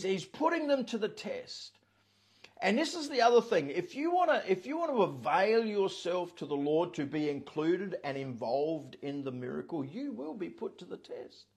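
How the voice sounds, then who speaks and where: A man's voice: sits high, husky. A man, preaching as a pastor with emphasis and repeating his key phrases. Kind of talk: sermon.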